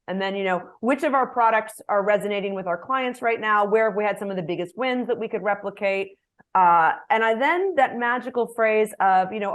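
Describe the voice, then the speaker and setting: A middle-aged woman executive coach answering interview questions in a lively way, acting out example phrases. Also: mid-range voice, fairly quick. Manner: animated, gives examples with acted phrases.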